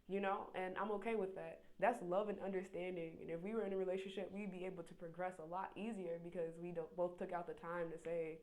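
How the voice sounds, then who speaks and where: A young woman with a lowish voice talks openly and with feeling in a relaxed interview. She drifts into little acted-out quotes as she makes her point. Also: quick pace, few pauses. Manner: candid, animated, acts out quoted voices. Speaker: guest. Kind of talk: casual conversation.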